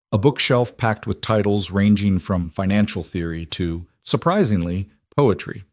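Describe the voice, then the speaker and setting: A man reading a scripted story in an even, measured way. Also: on the low side, no room sound, studio quality. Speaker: narrator. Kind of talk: scripted narration.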